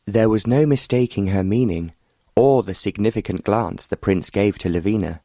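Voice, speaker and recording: A man reads an audiobook in steady, scripted narration. His voice sits very low, and the recording is dry and close. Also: normal speed, dry recording.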